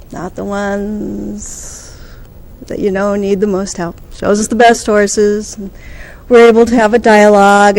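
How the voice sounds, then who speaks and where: A woman giving a conference talk, telling a story and acting out the quoted dialogue with lively energy. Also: medium pitch. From United States. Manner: animated, acts out quoted dialogue. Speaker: conference speaker.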